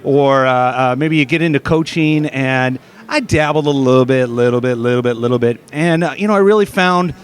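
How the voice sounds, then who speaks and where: Recorded outdoors at an expo, this casual interview features a middle-aged man, once a steeplechaser, telling stories full of fillers and restarts. He has a clear, resonant, mid-range voice and speaks a little fast with few pauses.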